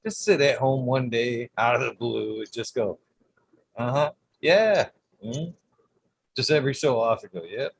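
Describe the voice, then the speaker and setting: A man's voice: mid-range voice, fairly quick, creaky, hardly any pauses, slight background noise, poor audio. A man hosting a casual podcast, mischievous and rambling through joke ideas. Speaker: podcast host. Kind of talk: casual chat.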